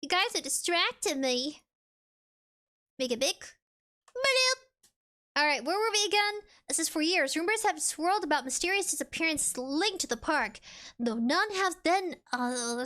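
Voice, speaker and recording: A woman VTuber streamer with a high, sharp-toned voice chats casually with viewers. She reads out chat and game text playfully, rambling as she goes.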